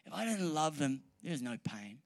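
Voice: medium pitch, very animated, normal speed. Preacher mid-sermon before a live room; earnest, repetitive for emphasis, light humor with the crowd. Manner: earnest, repeats key phrases for emphasis. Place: church hall or meeting room with an audience.

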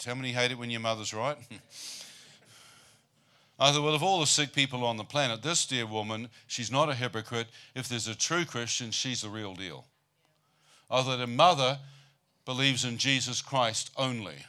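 A man's voice: medium pitch, normal speed, pauses often, pushed and bright. A man preaching a storytelling sermon about his own life, mixing humor with rhetorical questions to the congregation. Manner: humorous, asks the crowd rhetorical "how many know" questions. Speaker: preacher giving his testimony.

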